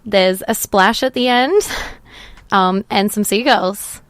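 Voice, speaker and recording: A woman's voice: medium pitch, slow pace, clear, resonant tone, no echo. A woman pop singer, a guest on a radio show, chatting in a bubbly, giggly way. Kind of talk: casual radio interview. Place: radio studio.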